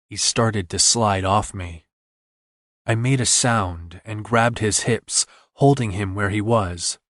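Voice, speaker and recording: A man's voice: on the low side, slow, fairly bright tone, no echo, clean studio sound. A man reading a romance novel aloud in first person, intimate and earnest. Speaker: audiobook narrator.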